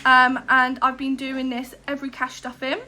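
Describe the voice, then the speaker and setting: A young woman with a high, light voice chats to her camera in a casual vlog. She rambles happily, fills gaps with "um" and breaks off for quick asides. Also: monotone, pushed and bright, a little hiss or hum. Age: 20s. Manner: chatty, rambling, many "um"s, frequent asides. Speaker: cash stuffing vlogger.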